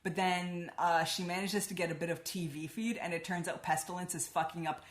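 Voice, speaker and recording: A woman's voice: fairly low pitch, steady tone, brisk, roomy sound. A woman giving a casual spoken book review, chatty and swearing freely, with lots of "like".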